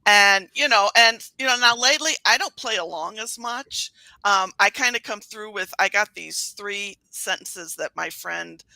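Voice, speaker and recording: A woman guest chatting casually, telling animated stories and acting out quotes. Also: medium pitch, unhurried, gravelly, dry recording, poor audio. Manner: animated storytelling with acted-out quotes. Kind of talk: casual chat.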